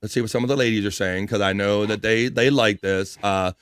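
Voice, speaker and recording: A man's voice: fairly low pitch, fairly even intonation, fairly quick, noisy background. A man hosting a casual livestream, reading viewer comments aloud with crude, jokey banter and frequent laughs. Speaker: livestream host.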